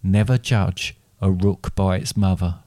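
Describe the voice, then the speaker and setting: A man reading his own dark fairy tale aloud as a storyteller, with steady, deliberate narration, then chatting with his co-host. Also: low voice, no room sound, studio quality.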